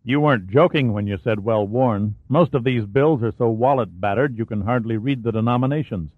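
A man's voice: medium pitch, fairly quick, no room sound, natural voice. A man reading as a smug, sneering hired killer. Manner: contemptuous and sneering. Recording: dry, phone-like narrow sound.

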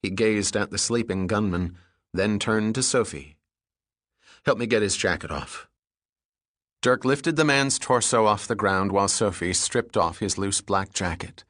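A male narrator reads an action audiobook in a steady, measured way. His voice sits low. The sound is dry, close and free of room echo.

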